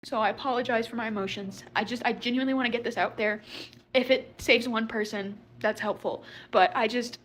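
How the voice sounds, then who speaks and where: A woman's voice: a little high, fairly even intonation, brisk, a bit bright. A young woman telling her story in an emotional confessional video, anxious and self-blaming, near tears and rambling. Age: young adult. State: tearful, near crying. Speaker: social media poster telling her story.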